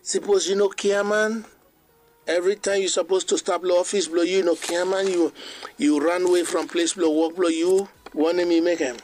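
A man's voice: high-pitched, steady tone, darkish tone, faint music behind. Man preaching in creole-tinged English. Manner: preaches in a creole-mixed English, quoting scripture slowly. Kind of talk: sermon.

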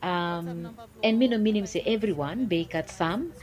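A woman's voice: fairly low pitch, normal speed, darkish tone. A woman with a Ni-Vanuatu accent hosting a casual health talk and summing up the advice plainly. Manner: plain, conversational, sums up points.

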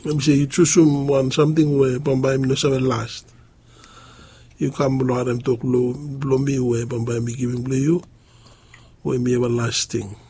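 A man preaching a sermon, halting and pausing often. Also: mid-range voice, level tone, mellow. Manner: halting, with many pauses and fillers.

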